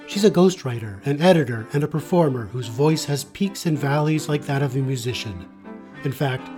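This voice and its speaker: A man hosting a podcast, reading a measured scripted introduction with cello music behind him. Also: medium pitch, darkish tone. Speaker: podcast host.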